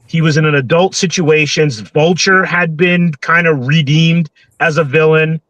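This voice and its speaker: A man in a casual comics chat, telling a reflective story in a measured way. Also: on the high side, steady tone, fairly bright tone, no echo, rough recording.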